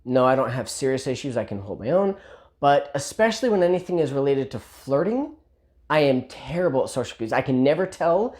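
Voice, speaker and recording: Animated self-deprecating man telling a story. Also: mid-range voice, fairly quick. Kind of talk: casual story time.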